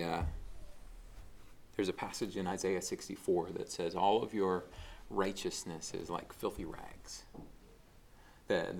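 A man's voice: deep voice, vocal fry, a little hiss or hum. A man preaching a casual, conversational sermon, with frequent fillers and restarts as he talks through a passage. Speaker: pastor.

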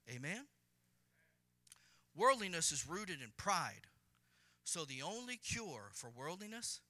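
A man preaching a sermon to a congregation, swelling into loud, fervent delivery and acting out prayers in the first person. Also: fairly high pitch. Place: church.

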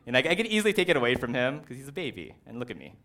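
Casual, animated male preacher. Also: medium pitch, racing. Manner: casual, animated, uses "like" and "right". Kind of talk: conversational sermon.

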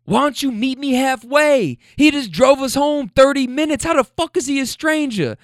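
A man voicing an angry young man yelling at his partner in a raised, heated voice. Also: very high-pitched, expressive, moderate pace, no room sound, clean studio sound, voice pushed up.

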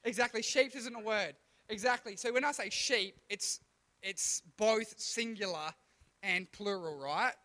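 High-voiced chatty man preaching to kids. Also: unhurried, bright, forceful tone. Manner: chatty, self-deprecating, stumbles and restarts, asks the room questions. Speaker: youth pastor. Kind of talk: casual sermon to kids.

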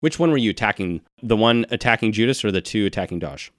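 A man running a tabletop game as game master, narrating the action in a relaxed, descriptive way between casual banter with his players. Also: on the low side, fast talker, no echo, clean studio sound.

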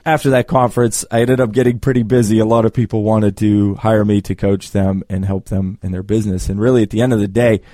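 A man working as a business coach who tells a client story with lively re-enacted dialogue. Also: lowish voice, fast, few pauses, dry recording, studio quality. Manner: animated storyteller, acts out both sides of the dialogue. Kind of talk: storytelling talk.

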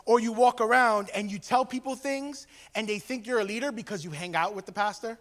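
High-voiced preacher man in echoing hall. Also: brisk, a bit bright. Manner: conversational preaching, acts out quoted voices. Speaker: pastor. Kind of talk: sermon. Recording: long hall reverb.

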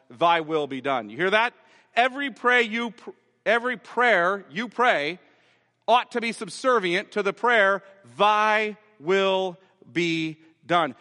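A man's voice: sits high, sharp tone, long reverb tail. A man preaching a sermon as pastor, earnest and building to raised, emphatic delivery. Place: church sanctuary.

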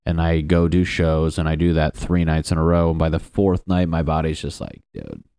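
A man's voice: very deep voice, flat delivery, normal speed, mellow, clear, resonant tone, dry recording, studio quality. A young adult male comedian in a casual, profane, sarcastic rant, riffing as he reads web pages aloud.

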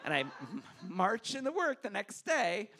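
A man telling a true story on stage at a story slam, animated and self-mocking, acting out the dialogue. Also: sits high, unhurried, breathy edge. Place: stage at a public hall.

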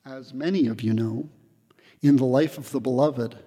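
A man giving a spiritual retreat talk in a hall, reflective and gently humorous, pausing often with fillers. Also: medium pitch. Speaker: retreat speaker.

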